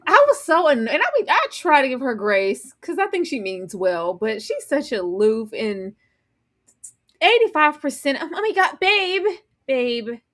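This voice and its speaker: A woman's voice: high-pitched, unhurried, pauses often. A woman in casual reality TV recap chat, acting out quotes and laughing often. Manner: animated, acts out quotes with laughter. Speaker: guest co-host.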